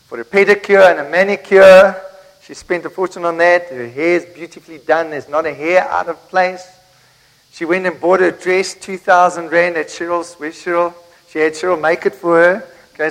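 A man's voice: high-pitched, rough recording. A South African man preaching a sermon to his congregation, telling stories and asking the listeners questions. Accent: South African English. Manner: storytelling, asks the congregation questions. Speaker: pastor. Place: church.

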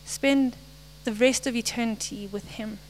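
A young woman giving a short, earnest devotional message, halting now and then and apologizing as she goes. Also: fairly high pitch, fairly even intonation, slight background noise, low-quality recording. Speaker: lay speaker.

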